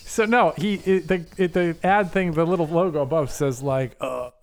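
A man's voice: fairly high pitch, normal speed. A man hosting a podcast in casual, rambling chat, swearing freely and restarting his sentences. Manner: rambling, profane, restarts a lot with "like". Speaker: podcast host.

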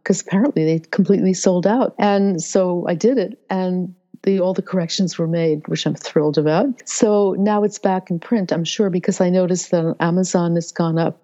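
A woman's voice: lowish voice, moderate pace, warm tone. An older woman, a cookbook author, telling stories with enthusiasm in an interview conversation. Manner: chatty, storytelling, enthusiastic. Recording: dull lo-fi sound.

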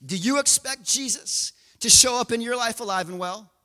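A man preaching a sermon, telling the story in an animated way and acting out scenes. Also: extremely high pitch, normal speed, in a large hall. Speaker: pastor.

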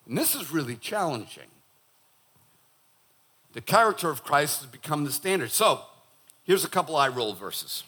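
A man who is a pastor preaching a sermon in church, animated and joking, acting out the voices he quotes. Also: a little high, moderate pace, long pauses, husky.

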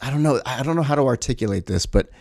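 A man's voice: medium pitch, animated, rapid-fire, creaky, a little mellow, no echo, studio quality. A man casually telling a story to his camera in a rambling, self-correcting, sometimes profane way. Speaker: vlogger.

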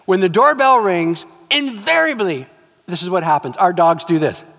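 Male pastor, sermon, lively swooping delivery, acts out stories, long hall reverb. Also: sits high, moderate pace, gravelly. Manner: animated storytelling, acts out scenes, emphatic repetition.

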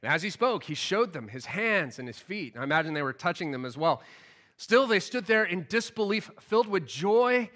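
A man giving a casual, animated Bible teaching in a storytelling way, often laughing as he goes. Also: high-pitched, normal speed. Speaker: preacher.

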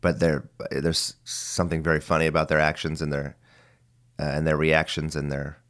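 Forties male host, very low and phlegmy, rambling solo talker with some cursing. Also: completely flat delivery, moderate pace, a bit bright. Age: 40s. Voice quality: phlegmy voice that cracks. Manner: rambling, musing, mildly profane. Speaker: podcast host. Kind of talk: casual solo monologue.

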